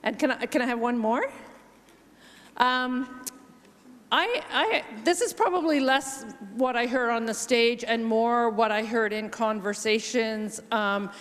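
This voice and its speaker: A woman with a Canadian accent answering on a conference panel, thoughtful and measured with frequent pauses. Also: fairly high pitch, fairly bright tone. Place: large conference hall. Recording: long hall reverb.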